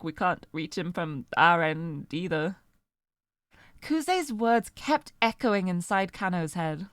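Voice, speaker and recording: A woman's voice: mid-range voice, dry recording. A woman streamer reading a story game aloud, narrating expressively and breaking off to laugh and comment.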